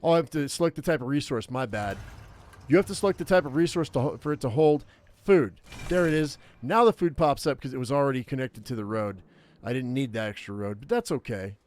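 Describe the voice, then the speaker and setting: A man's voice: mid-range voice, fairly quick, darkish tone. Man rambling over gameplay. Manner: rambling, filler-heavy, thinking aloud. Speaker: gaming YouTuber. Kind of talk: gameplay commentary.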